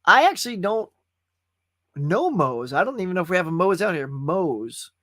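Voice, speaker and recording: A man's voice: high-pitched, sing-song, brisk, fairly bright tone, no room sound, clean studio sound. A man hosting a live movie chat stream, casual and folksy, chatting straight to his viewers. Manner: chatty and folksy, often calls viewers "y'all".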